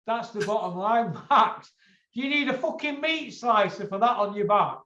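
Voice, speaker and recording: A man's voice: high voice, expressive, normal speed, bright, forceful tone, a little hiss or hum. A man hosting a boxing chat show, blunt and lecturing, swearing freely. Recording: echoey, dull lo-fi room sound.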